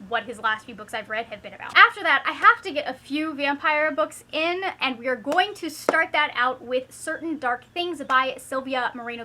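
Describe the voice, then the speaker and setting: High, bright chatty woman. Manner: chatty and upbeat, with frequent "like" fillers. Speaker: book channel host. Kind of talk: casual book-list chat.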